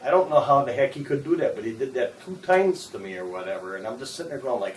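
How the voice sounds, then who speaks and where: A man's voice: mid-range voice, expressive, fast talker, few pauses. Folksy man telling a story from across a room. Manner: folksy storytelling with lots of "he says". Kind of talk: casual anecdote. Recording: roomy and distant with faint noise.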